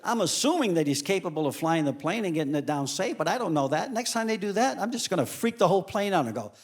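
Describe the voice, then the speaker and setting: A male comedian telling animated stand-up stories on stage, acting out the people in them. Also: high-pitched. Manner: animated storytelling, acts out characters in quick asides. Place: comedy stage before a live audience. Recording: live club recording with audience noise.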